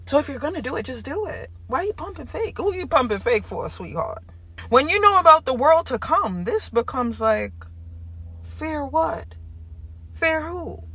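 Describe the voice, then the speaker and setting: A woman vlogger talking straight to the camera in an impassioned monologue, jumping from yelling to hushed tones. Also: sits high, sing-song, moderate pace.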